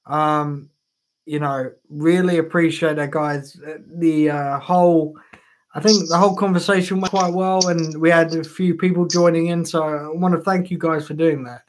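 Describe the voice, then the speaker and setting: A man's voice: fairly high pitch, level tone, moderate pace, a little hiss or hum. A man hosting a casual live stream, rambling with fillers and laughing often. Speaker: host.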